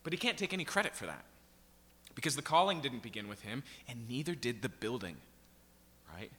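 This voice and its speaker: A man's voice: medium pitch, very animated, a little fast, bright, forceful tone. A man preaching an expository sermon from the pulpit, emphatic and checking in with his listeners with frequent "right?" and "okay?". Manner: emphatic, keeps asking the congregation "right?" and "okay?". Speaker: pastor. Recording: long reverb of a large hall.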